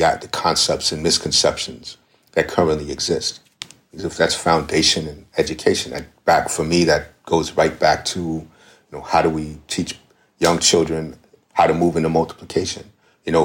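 A man's voice: rumbling low, a bit bright. A man speaking as a podcast guest in a reflective, conversational way, often restarting his phrases.

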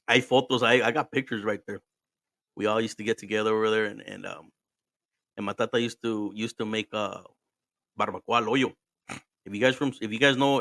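A man with a Mexican accent tells family stories in a loose, profane podcast chat. His voice is bright and forward, and he slips between English and Spanish mid-sentence with frequent laughs. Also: lowish voice, dry recording, studio quality. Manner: swears freely, switches between English and Spanish, laughs often. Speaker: podcast host. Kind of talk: casual storytelling chat.

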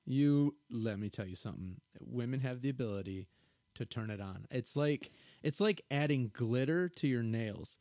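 A middle-aged man co-hosts a loose podcast in a wry, playful way and swears freely. His voice has a typical male pitch, and the recording is close and dry with no room echo. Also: expressive, moderate pace, dark tone. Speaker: podcast co-host. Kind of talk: casual chat recapping a reality show.

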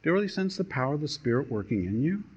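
Lively-voiced man preaching a sermon. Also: a little high, husky. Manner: storytelling preacher, lively delivery with dramatic pauses. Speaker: pastor. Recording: dull lo-fi sermon recording.

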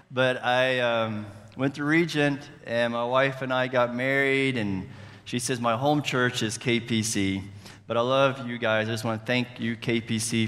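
A man's voice: mid-range voice, fairly bright tone. A man from West Virginia with a West Virginian accent, a guest speaker giving a sermon in a casual, folksy and earnest way, with many fillers. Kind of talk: church sermon. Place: church sanctuary. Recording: reverberant church hall.

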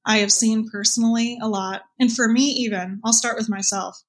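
An earnest woman answers an interviewer's questions in a reflective, open way. Her voice sits a little high. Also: fairly even intonation, moderate pace. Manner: earnest, reflective, quotes her own past thoughts. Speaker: guest, birth mother and support group leader.

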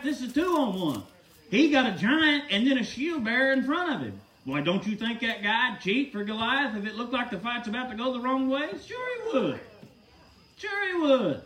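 A man's voice: very high-pitched, bright, forceful tone, roomy sound, far from the mic. A man preaching a sermon in an emphatic, folksy way, often asking the listeners rhetorical questions.

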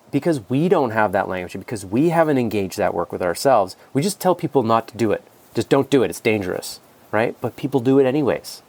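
A man's voice: medium pitch, darkish tone. A man speaking as a podcast guest and coach, rambling and repeating words in casual conversation. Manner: rambling, repeats words, acts out quoted voices.

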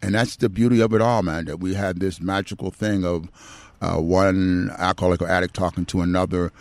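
A man's voice: low voice, fairly even intonation, brisk, darkish tone, no echo. A man in his seventies, an addiction counselor, telling his story in a candid, plainspoken way as an interview guest. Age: 70s.

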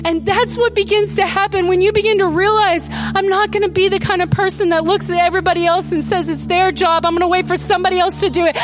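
A woman pastor with a very high voice preaches with animated, emotional storytelling. Her voice catches with tears at times, and music plays clearly behind her. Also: brisk. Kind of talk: sermon.

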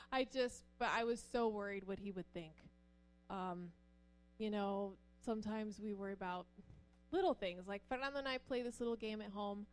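At a normal speed and with faint music in the background, a woman tells a church audience her personal stories. She is a middle-aged pastor's wife who animates the tales by acting out the voices, her pitch climbing for each quote.

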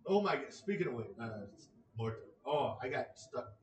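A man's voice: medium pitch, lively intonation, moderate pace, roomy sound, far from the mic, slight background noise, low-quality recording. A man in a casual ranting monologue, exasperated and sarcastic, swearing freely.

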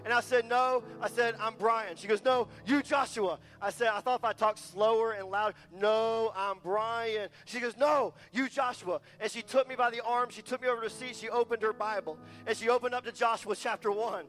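A man's voice: extremely high pitch, steady tone, fast, hardly any pauses, a bit bright, soft background music. A man preaching a passionate, emphatic sermon as a guest speaker, repeating lines for weight.

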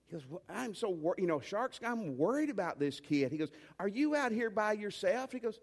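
A man's voice: high-pitched, sing-song, moderate pace, in a large hall. A man preaching a sermon as pastor, emphatic, with folksy asides and urgent commands. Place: church.

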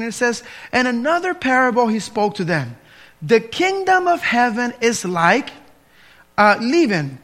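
Pastor, male, high bright voice, earnest sermon delivery with fillers and restarts, church sanctuary.

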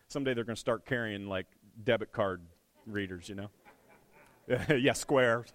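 A man preaching a sermon as a conversational, animated retelling, with restarts and light chuckles. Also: fairly low pitch, moderate pace, no room sound. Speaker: pastor. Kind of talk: storytelling sermon.

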